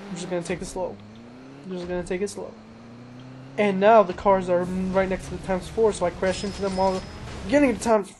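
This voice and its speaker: Man, casual gameplay commentary, excitable, self-mocking, faint engine hum behind. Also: sits high, brisk. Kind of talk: casual let's-play commentary. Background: engine noise and crashes from the game.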